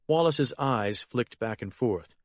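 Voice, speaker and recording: A male narrator reads a dark crime thriller at a steady, measured pace. His voice sits in a plain middle register. The recording is dry and close, with no room sound. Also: mid-range voice, no echo. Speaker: audiobook narrator. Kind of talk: scripted narration.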